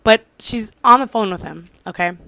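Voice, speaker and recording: A woman's voice: mid-range voice, moderate pace, gravelly, bright, forceful tone, dry recording. A woman in her twenties casually recapping a drama, rambling with lots of fillers and losing track of details. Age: 20s. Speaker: drama reviewer.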